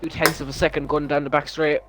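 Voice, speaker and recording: Man co-commentating in quick call-outs. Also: a little high, level tone, music in the background. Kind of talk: live race commentary.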